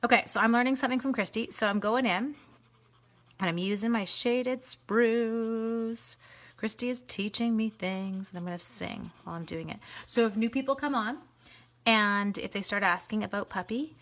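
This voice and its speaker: A woman hosting a live craft stream, chatting to viewers as she colors, quick to gush and laugh. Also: fairly high pitch. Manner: chatty, excitable, talks to viewers while coloring.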